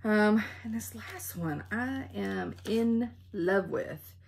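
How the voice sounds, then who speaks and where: A woman's voice: mid-range voice, slow, creaky, slightly rough. A woman chatting casually at home, bubbly and full of ums as she shows off craft supplies. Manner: chatty, bubbly, says um a lot. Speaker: flosstube vlogger.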